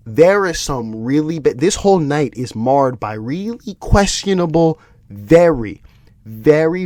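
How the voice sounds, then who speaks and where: Animated, exasperated man ranting. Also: on the high side, dry recording. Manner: animated, exasperated ranting with frequent restarts and swearing. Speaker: podcast host. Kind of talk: solo MMA podcast commentary.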